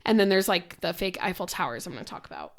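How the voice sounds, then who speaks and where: A young woman co-hosting a casual podcast, hoarse from a cold and laughing often as she talks. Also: lowish voice, very animated, quick pace. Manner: giggly, laughs often between lines. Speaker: podcast co-host.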